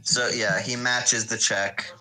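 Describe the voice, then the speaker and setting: A man's voice: mid-range voice, little pitch movement, takes it slowly, bright, forceful tone, poor audio. A man running a tabletop role-playing game, giving rulings in a matter-of-fact way. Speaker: game master.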